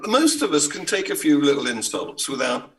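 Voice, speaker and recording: A man on a radio panel makes dry, wry remarks in a husky voice. His pitch moves a lot, and he sounds a bit distant from the mic. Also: wildly swooping pitch, moderate pace. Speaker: panel guest. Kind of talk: casual panel chat.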